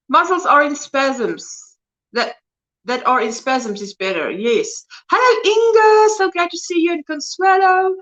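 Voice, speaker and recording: South African woman, 50s, warm-hearted livestream host, slightly high voice, muffled lo-fi sound. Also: a little slow. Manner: chatty, greets viewers by name, laughs often. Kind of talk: casual livestream chat. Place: at home, indoors.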